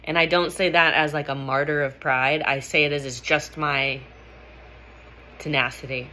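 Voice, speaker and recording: A woman's voice: sits low, steady tone, normal speed, bright, forceful tone. A woman vlogger telling a personal story in a candid, emphatic way, swearing freely.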